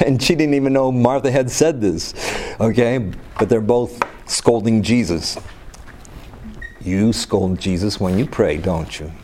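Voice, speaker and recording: A man's voice: lowish voice, a little slow, a little mellow, a little hiss or hum. A man leading a Bible study, reading scripture aloud and then commenting casually with rhetorical questions and teasing asides. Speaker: Bible teacher.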